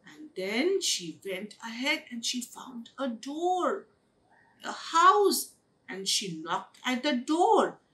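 A woman telling a children's story over an online session, expressive and sing-song. Her bright voice swings widely in pitch, and she takes her time with each line. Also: slow pace, far from the mic. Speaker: storyteller at a day care. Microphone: online webinar.

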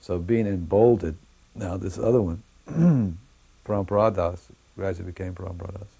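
A man recalling old stories in a halting way, with frequent pauses and restarts. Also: low voice, warm tone, slightly rough. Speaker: devotee recalling memories. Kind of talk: anecdotal storytelling.

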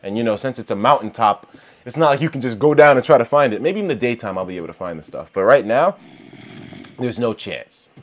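A man narrating a game run in a lively voice that leaps up and down in pitch. He swears freely, shouts at the monsters on screen, and keeps turning to his viewers to chat about what just happened. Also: brisk. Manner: talks straight to viewers. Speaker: gaming commentator. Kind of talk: let's-play commentary.

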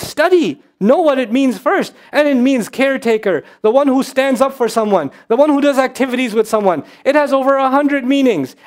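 High-voiced man giving a fervent lecture. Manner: impassioned, rising to scolding; quick, emphatic repetitions. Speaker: Islamic speaker. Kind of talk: lecture to an audience.

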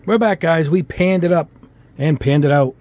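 A man's voice: a little high, moderate pace, darkish tone. Chatty New England man, rambling review. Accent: New England with Italian-American touches. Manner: rambling, filler-heavy, chatty asides. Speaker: hobby model-kit YouTuber. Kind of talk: casual product review at the workbench.

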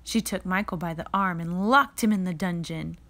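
A woman reading a children's picture book aloud in a slow, expressive read-aloud manner. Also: lowish voice. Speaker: reader.

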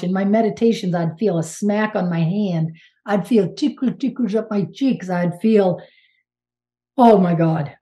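Mellow-voiced woman telling her story. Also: medium pitch. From Maine, United States. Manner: animated, emphatic, with exclamations and restarts. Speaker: guest medium and channeler. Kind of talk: casual interview storytelling.

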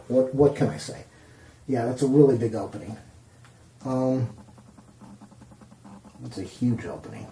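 A man's voice: fairly low pitch, a little slow, long pauses, warm tone, reverberant. A man casually demonstrating a home repair while filming himself, rambling and amused at his own words. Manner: rambling, self-amused, talking while working with hands. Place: indoor bathroom. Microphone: handheld camcorder mic, self-filming.

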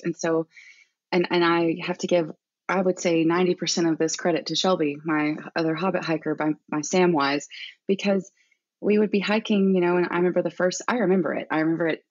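A woman's voice: on the low side, a little mellow, no room sound. A young adult woman from Arkansas, talking candidly as a guest in a casual podcast interview and laughing often. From Arkansas, USA. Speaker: guest hiker. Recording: dull dry remote audio.

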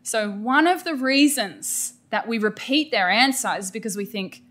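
Australian woman, workshop presenter, energetic and emphatic, fairly high voice, crisp and bright. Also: moderate pace, few pauses. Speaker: teacher educator presenting a workshop. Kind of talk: professional development lecture.

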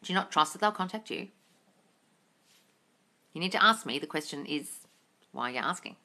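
Blunt, bright-voiced woman hosting a live Q&A. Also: low voice, lively intonation, moderate pace. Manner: blunt, swears freely, calls listeners darling. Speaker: manifesting coach hosting a live Q&A. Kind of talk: casual livestream chat reading viewer comments. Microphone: phone livestream.

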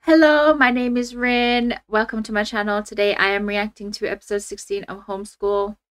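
Young female reaction host; casual, exasperated, animated delivery, mid pitch. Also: moderate pace, faint music behind. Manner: animated, exasperated rants with laughs and fillers. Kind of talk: casual reaction chat to camera.

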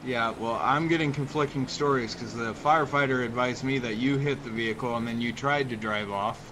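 A man's voice: medium pitch, brisk, natural voice. Man doing a firm police officer, procedural, mid-range voice, background noise. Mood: calm. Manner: firm, procedural, issuing warnings. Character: stern male police officer. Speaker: role-play player. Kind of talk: improvised game role-play.

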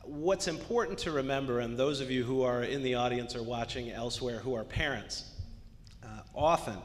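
A man's voice: medium pitch, normal speed. Male panelist, emphatic and earnest, heard in a reverberant hall. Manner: earnest, emphatic, repeats key words. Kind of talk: panel discussion remarks. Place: arts center event space. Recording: long hall reverb, faint noise.

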